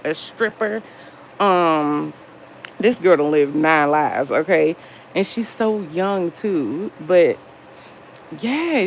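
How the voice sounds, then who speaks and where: A young woman chatting casually on a livestream, profane and animated as she reads chat aloud. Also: lowish voice, slight background noise, rough recording. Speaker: livestream host.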